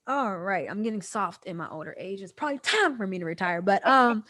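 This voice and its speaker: A woman in her thirties hosting a podcast, talking casually and emotionally. She pauses often, voice halting as she holds back tears. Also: medium pitch, lively intonation, a bit bright. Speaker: podcast host. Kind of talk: personal announcement, casual talk.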